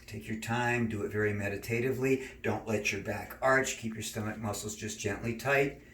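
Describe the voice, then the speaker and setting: A man teaching neck and shoulder stretches, giving calm step-by-step cues and slow breathing counts. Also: lowish voice, far from the mic, a little hiss or hum. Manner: calm, cueing slow breathing and gentle moves. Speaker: stretching instructor. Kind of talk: exercise demonstration. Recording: roomy, from off mic.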